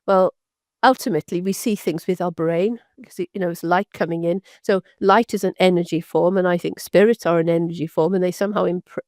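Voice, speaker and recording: An older British physician telling stories in an interview, rambling and halting with frequent restarts. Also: female voice, lowish voice, darkish tone, no room sound, studio quality. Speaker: physician guest. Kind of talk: storytelling interview.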